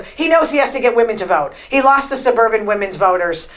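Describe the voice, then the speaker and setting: A woman's voice: a little high, lively intonation, quick pace, a bit bright, poor audio. A middle-aged woman hosting her own podcast, talking in a chatty, rambling, opinionated way with plenty of filler words. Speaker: podcast host. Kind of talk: casual solo commentary.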